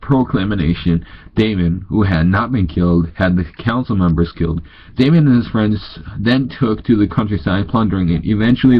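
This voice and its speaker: The clip has a tired young man from North Dakota, stuffy-nosed, doing a casual read-aloud of ghost stories with asides, stumbling and self-correcting along the way. His voice is on the low side. The highs are cut off and there's a little hiss or hum.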